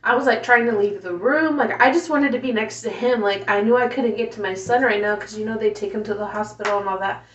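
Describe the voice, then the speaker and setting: A woman telling a painful personal story in a casual way, softly and emotionally, with many fillers. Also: mid-range voice, fast talker, few pauses. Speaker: mother telling her story. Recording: roomy, distant, dull home recording.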